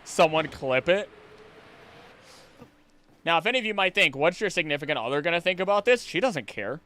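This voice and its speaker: His voice is a little high and fairly quick, recorded with no room sound. As a streamer and voice actor, he keeps his livestream chat casual, animatedly joking while reading viewers' comments aloud.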